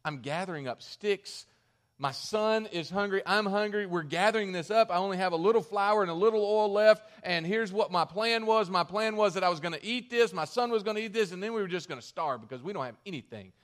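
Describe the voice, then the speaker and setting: A man's voice: high-pitched, fairly quick, close to an everyday voice. A man voicing a poor, desperate widow who pleads earnestly. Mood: pleading.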